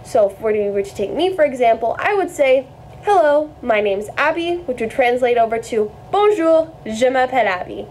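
A young woman presenting a children's lesson, repeating phrases slowly and clearly. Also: a little high, lively intonation, darkish tone, slight background noise, low-quality recording. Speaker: French segment presenter. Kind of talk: kids' language lesson.

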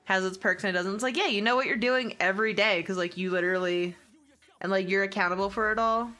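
Young adult woman, game streamer, casual and sweary, bright forward tone. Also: medium pitch, fast talker. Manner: chatty, swearing, laughing often, reads chat aloud. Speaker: gaming streamer. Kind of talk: casual stream chat with viewers.

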